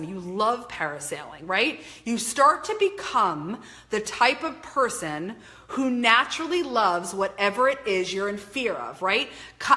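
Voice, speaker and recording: A middle-aged woman coaching her viewers live, emphatic and casual enough to swear. Her voice sits fairly high and sounds bright and forceful, and her pitch swings widely as she drives each point home. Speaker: life coach hosting a live stream. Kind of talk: motivational live-stream talk, reading viewer comments. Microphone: webcam or phone mic.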